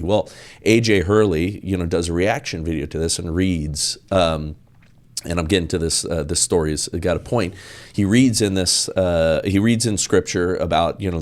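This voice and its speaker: A man talking as a podcast guest in an emphatic, preachy way, hammering his points with repetition. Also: low voice. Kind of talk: podcast interview.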